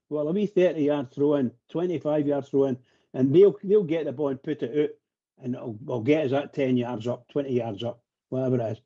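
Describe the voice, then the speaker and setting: A man's voice: on the high side, fairly quick, warm tone, lo-fi sound. A man talking passionately on a live radio phone-in, rambling and repeating himself as he gets worked up. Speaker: phone-in pundit.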